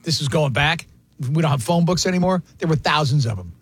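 Sports radio guy, kinda high husky voice, rambly and self-deprecating, faint music bed. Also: lively intonation, brisk. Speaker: radio show host. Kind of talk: casual sports radio banter.

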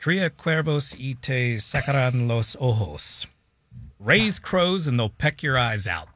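A man's voice: mid-range voice, lively intonation, unhurried, a bit bright, dry recording. A man hosting a radio talk show segment in easygoing casual banter. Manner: easygoing, self-conscious reading aloud. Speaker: radio host.

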